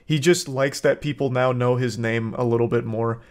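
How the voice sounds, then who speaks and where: A man's voice: medium pitch, fairly even intonation, moderate pace. A man giving blunt, profane, sarcastic commentary on video clips. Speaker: commentary host.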